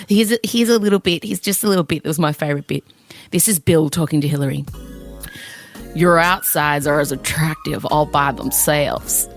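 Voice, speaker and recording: A low-pitched woman hosts a podcast, chatting casually in a giggly, teasing manner. The recording is dry.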